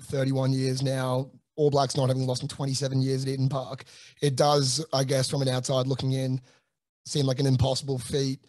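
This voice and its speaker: A young Australian man hosting a casual podcast chat, easygoing and peppered with swearing and "mate". His voice sits at a middle pitch but stays quite flat. The sound is close and dry. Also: no echo. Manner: laid-back, swears freely, lots of fillers and "mate". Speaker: podcast host.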